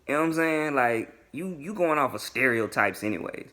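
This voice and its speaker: Young man, bright and animated storyteller, slangy vlog narration that acts out every quote. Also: mid-range voice, brisk, few pauses. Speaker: vlogger telling a dating story. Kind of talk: casual storytime.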